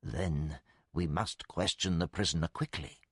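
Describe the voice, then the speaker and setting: A man's voice: deep voice, unhurried, a bit bright, husky, dry recording, studio quality, pitched below the performer's own voice, full character voice. A man voicing a formal old priest speaking in grave, solemn sentences.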